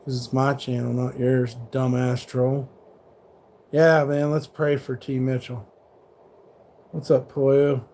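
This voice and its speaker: A man's voice: mid-range voice, little pitch movement, takes it slowly, pauses often, mellow. A middle-aged man livestreaming from a truck stop, talking casually and swearing as he taunts trolls in the chat. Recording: faint background noise.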